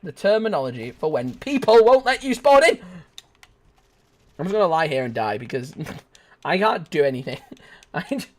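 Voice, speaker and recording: This young adult streamer speaks on the high side with big pitch swings, a moderate pace and frequent pauses. While playing a shooter game he rambles goofily, breaking into shrieks, laughter and snippets of song.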